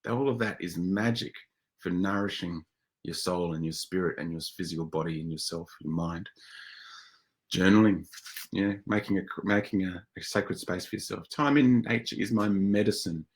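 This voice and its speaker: A man with a very low voice presents a webinar in a relaxed, conversational way. He sounds enthusiastic and chatty, often pausing and restarting his sentences as he goes.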